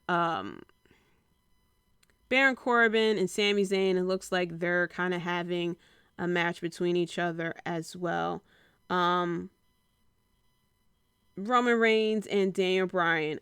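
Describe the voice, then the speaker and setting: Woman with a very smooth, dry voice. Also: on the low side, a bit bright, no room sound. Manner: rambling, with frequent filler pauses. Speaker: wrestling podcast host. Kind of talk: casual solo recap.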